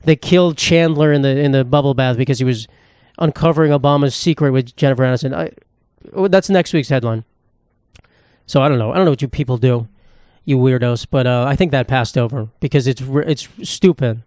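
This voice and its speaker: A man's voice: mid-range voice, a little fast, a little mellow, dry recording, clean studio sound. A young man hosting a solo comedy podcast, rambling and sarcastic, swearing freely. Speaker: podcast host.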